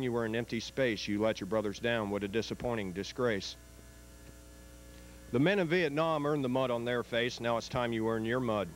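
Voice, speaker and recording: Man reading as a stern, fatherly God on his throne; solemn, rhymed, low-pitched. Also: a little hiss or hum, close to an everyday voice, low-quality recording. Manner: solemn rhyming proclamation.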